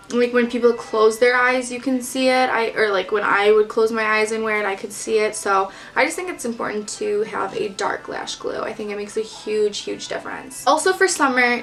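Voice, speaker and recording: A woman's voice: a little high, a bit bright, distant mic. A young woman from the Detroit area, chatting casually about makeup in a bubbly way, full of "like" fillers. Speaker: beauty vlogger. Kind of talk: casual makeup chat to camera. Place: at home, in front of a mirror.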